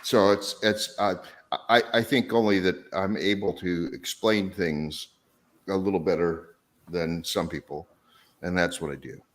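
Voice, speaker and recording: A man's voice: sits low, fairly even intonation, measured pace. A man with hiccups, a regular on the show, chatting over a video call in a rambling, self-deprecating, hesitant way. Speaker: regular co-host. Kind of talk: casual video chat.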